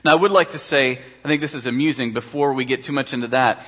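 A pastor preaches a sermon in a fast, mid-range, slightly bright male voice, and the recording has a long hall reverb. He keeps it conversational, posing rhetorical questions to his listeners.

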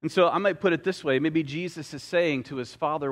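Pastor, male, slightly high voice, sermon delivery with story hooks and dry asides, drags out key lines for weight. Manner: storytelling preacher, slows down on key phrases, light humorous asides.

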